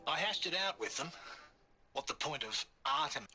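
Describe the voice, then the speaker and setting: A man's voice: a little high, big pitch swings, moderate pace, pushed and bright, faint music behind, full character voice. A man voicing a weary idealist who is facing his own end, speaking earnestly and reflectively in a game audio log.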